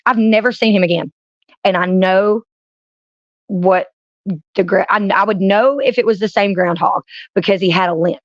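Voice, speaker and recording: A woman streamer chats casually, spinning rambling stories and often breaking into laughter. Her voice sits at a medium pitch and moves at a moderate pace with frequent pauses. The recording is muffled but has no echo.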